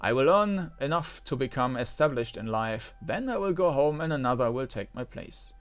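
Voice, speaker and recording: A man's voice: mid-range voice, animated, normal speed, smooth, soft background music, natural voice. A man reading out a nervous, eager male merchant in a game, in a strained and hesitant voice. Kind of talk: reading game dialogue aloud.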